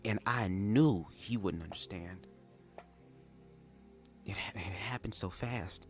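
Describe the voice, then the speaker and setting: A man reading a memoir aloud live, breaking off into sassy, animated asides. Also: low-pitched, slow, long pauses, faint music behind. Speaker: reader of a memoir. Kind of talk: live read-aloud with commentary.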